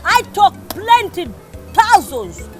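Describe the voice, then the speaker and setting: A bragging Congolese schemer with a French-accented, broken English. Her voice sits very high and swings widely, unhurried and boastful. Music plays behind her. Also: very animated, darkish tone, full character voice. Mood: boastful, wheedling. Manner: broken English, brags, laughs a lot. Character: boastful Congolese woman hustler pitching schemes. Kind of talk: comedy film acting.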